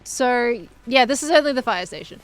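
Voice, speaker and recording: A woman's voice: a little high, expressive, normal speed, clear, resonant tone, faint music behind. A young adult woman streaming a game, chatting in a rambling, giggly way as she plays. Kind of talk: rambling live gameplay chat.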